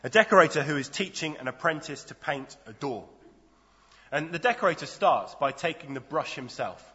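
A man's voice: fairly high pitch, animated, normal speed, pushed and bright. A man preaching a sermon in a conversational, storytelling way. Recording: dull lo-fi sound in a reverberant hall.

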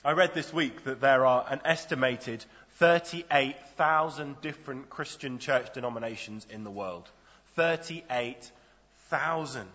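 Bright-voiced preacher in an echoey hall. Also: male voice, medium pitch, unhurried. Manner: conversational, storytelling preaching. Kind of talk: sermon. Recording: dull lo-fi sound in a reverberant hall.

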